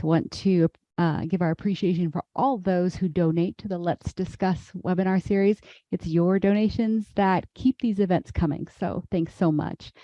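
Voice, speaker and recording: Woman moderator, mellow tone, brisk announcements, muffled call audio. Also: medium pitch, no room sound. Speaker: webinar moderator. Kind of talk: closing announcements.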